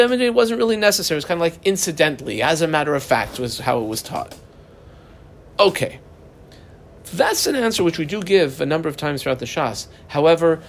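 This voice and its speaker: A man teaching a Talmud passage line by line, animated and jumping up in pitch for emphasis. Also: a little hiss or hum. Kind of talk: explaining a text line by line.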